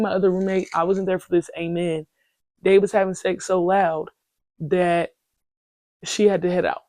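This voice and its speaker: A podcast host in her twenties vents through a story in a casual, animated way, full of slang and profanity. Her voice is lowish, with no echo.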